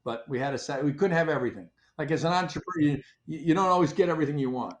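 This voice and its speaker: An older man, a company founder, telling stories in a relaxed interview and acting out his own past conversations. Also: on the high side, rapid-fire, slight background noise. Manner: animated storyteller, acts out his own past dialogue. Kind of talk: casual interview storytelling.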